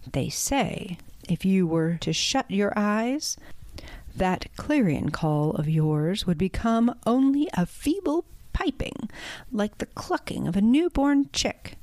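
A woman voicing a sly, smooth-talking male fox in a storybook, speaking in a honeyed, flattering way. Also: mid-range voice, slow pace, no room sound.

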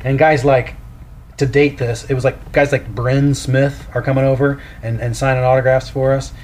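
A man co-hosting a casual podcast, telling a childhood anecdote in a lively way. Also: medium pitch, normal speed, slight background noise. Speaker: podcast co-host.

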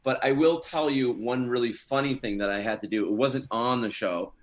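This middle-aged male guest actor has a medium-pitched voice and a normal pace as he recounts funny behind-the-scenes tales. His manner is casual and animated, and he chuckles a lot.

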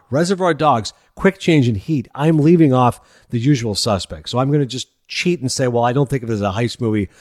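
Male podcast host, quick and eager, dry close mic. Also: medium pitch, no echo. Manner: enthusiastic, laughs while talking. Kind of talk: film podcast chat.

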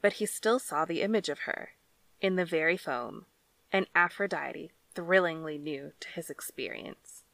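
Slow, measured woman reading a story. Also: low-pitched, gravelly, fairly bright tone, no echo. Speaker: audiobook narrator. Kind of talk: scripted story narration.

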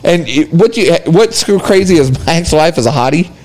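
Laughing a lot, a young adult co-host tells lively stories on a laid-back podcast. He speaks fairly quickly in a higher voice, over a rough recording.

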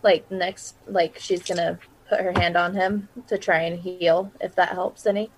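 A woman's voice: fairly low pitch, level tone, moderate pace, slight background noise, poor audio. A woman playing a tabletop game, describing her figure's actions and thinking aloud. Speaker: player. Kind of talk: casual tabletop game talk.

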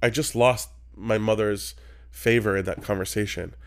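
A middle-aged man hosting a podcast, telling a personal story in casual chat and acting out the people in it with lively jumps in his voice. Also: moderate pace. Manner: animated, acts out quoted voices with big pitch jumps. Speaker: podcast host.

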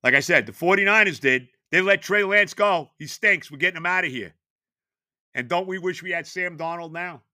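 A man, ranting on his sports podcast, exasperated and stammering, often shouting. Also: sits high, moderate pace, no echo. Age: 70s. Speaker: podcast host.

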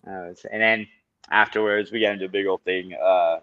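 A man on a podcast, a kickboxer and Muay Thai coach, telling stories in a lively, animated way and swearing often. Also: low voice, brisk, no room sound, narrow, tinny audio. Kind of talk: casual podcast chat.

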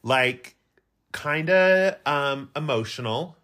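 A woman co-hosting a podcast, talking in a casual comedic chat with deadpan, vividly exaggerated descriptions. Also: low voice, slow pace. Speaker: podcast co-host.

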